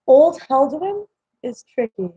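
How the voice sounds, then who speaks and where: Young woman, stream host, rambling casual chat at home, a bit high-pitched, slightly dull lo-fi mic audio. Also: animated, takes it slowly, dry recording. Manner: chatty, rambling, lots of fillers. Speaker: livestream host.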